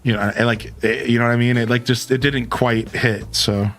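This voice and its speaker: A man's voice: mid-range voice, steady tone, moderate pace, fairly bright tone, faint music behind. Laid-back young streamer guy, "dude" talk. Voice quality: dynamic voice that peaks and drops. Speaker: live streamer. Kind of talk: casual stream chat. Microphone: studio mic with equalizer and cutoff.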